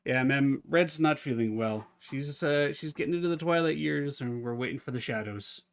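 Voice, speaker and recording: A man's voice: medium pitch, normal speed. A man streaming a game live, chatting with his viewers and reading the game's letters aloud in a joking way. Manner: jokey, talks to chat and pet, reads letters aloud.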